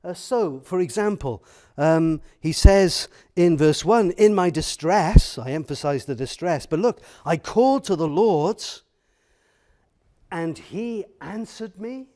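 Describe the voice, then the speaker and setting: A man's voice: a little high, expressive, slow pace, warm tone. A man preaching a sermon in a church, earnest, building with repeated phrases and asking the congregation direct questions.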